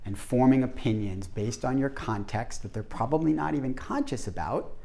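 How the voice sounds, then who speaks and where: A man's voice: mid-range voice, lively intonation, normal speed, vocal fry, mellow. A man presenting an interactive workshop to a group, talking animatedly and acting out the voices he quotes.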